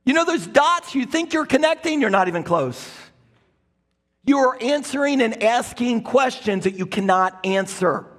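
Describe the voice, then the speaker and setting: Jesus, a patient teacher, sets his followers straight in a high, lively, husky voice as a preacher puts him on. The words come earnest and emphatic, ringing through a big, echoing church hall. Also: moderate pace, exaggerated voice. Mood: chiding.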